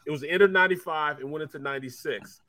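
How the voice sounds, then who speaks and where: Rambling ex-player, dry close sound. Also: male voice, on the high side, very fast, pushed and bright, dry recording. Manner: rambling storyteller, repeats himself. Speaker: co-host, former football player. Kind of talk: casual sports talk.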